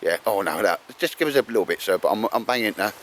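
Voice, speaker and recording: A man's voice: on the low side, lively intonation, quick pace, a bit bright. A man hosting a bushcraft vlog in the woods, chatting casually and encouraging others, calling everyone mate and sir. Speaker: bushcraft vlogger and host. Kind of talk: casual outdoor chat. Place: in the woods outdoors. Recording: outdoor recording with background noise.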